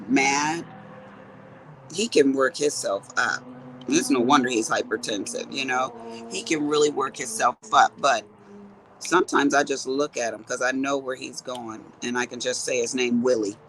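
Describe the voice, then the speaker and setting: A woman in her fifties who chats to her viewers while crafting. She tells stories in a low voice. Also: slight background noise, rough recording. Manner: chatty storyteller talking to viewers as she works. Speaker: crafting vlogger. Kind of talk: casual chat while crafting.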